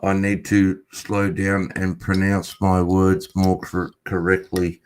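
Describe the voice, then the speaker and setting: Man, Australian accent, fast talker, swears a lot, lowish pitch, casual chat. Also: completely flat delivery, a little hiss or hum. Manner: fast-talking, swears freely.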